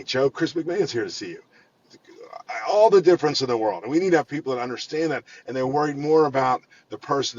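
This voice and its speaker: A man guest telling long stories in an interview, animated and full of restarts and repeated words. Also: medium pitch, dull audio, a little hiss or hum. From Pittsburgh area. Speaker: guest, financial firm head. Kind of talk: conversational storytelling in an interview.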